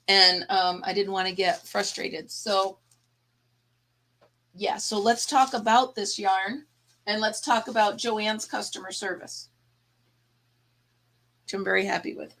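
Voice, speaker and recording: A woman's voice: mid-range voice, fairly even intonation, a little slow, pauses often, bright, forceful tone. A woman hosting a casual live chat, tired and yawning, chatty and laughing often as she talks to her viewers. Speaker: livestream host.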